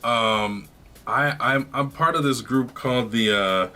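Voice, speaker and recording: A man on a podcast, talking in a relaxed, conversational way as he searches for words. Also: medium pitch, unhurried, a little hiss or hum.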